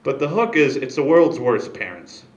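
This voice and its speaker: A man performing stand-up in a small club, his voice sitting at an ordinary middle pitch. He rambles through his bits with deadpan asides, close on a handheld mic, and the room around him rings with echo. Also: normal speed. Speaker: stand-up comedian. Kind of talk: stand-up comedy set.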